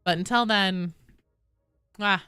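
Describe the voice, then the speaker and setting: A woman game streamer in casual live-stream chat, animated and candid, laughing often and swearing casually. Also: mid-range voice, slow, clean tone, dry recording, studio quality, soft background music.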